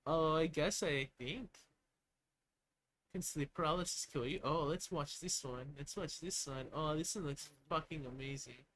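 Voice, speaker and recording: A man's voice: a little high, fairly bright tone, poor audio. A young man on a live stream reading an article aloud and breaking off into casual, swearing, laughing commentary.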